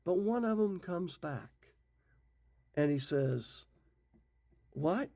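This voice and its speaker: A man's voice: sits high, expressive, takes it slowly, vocal fry, mellow. A middle-aged man who teaches the Bible, retelling scripture stories in a folksy, casual way. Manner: folksy, retells scripture in his own words.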